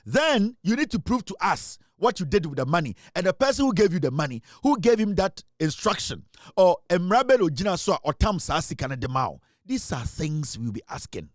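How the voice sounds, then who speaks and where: Man, Ghanaian accent, talk show host, political commentary, fairly high voice, dry close sound. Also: big pitch swings, a little fast, no room sound. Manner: switching between English and Twi, pointed and questioning.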